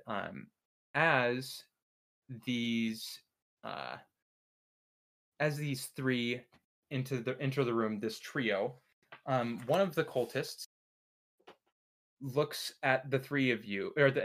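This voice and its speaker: A man narrating as dungeon master, talking in a halting way with many fillers. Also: medium pitch, lively intonation, fairly bright tone. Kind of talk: narrating a tabletop game.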